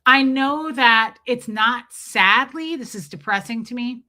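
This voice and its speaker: Bright-voiced chatty Northern US woman. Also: fairly high pitch, measured pace. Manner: chatty, rambling, restarts often. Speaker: podcast host. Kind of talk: casual chat.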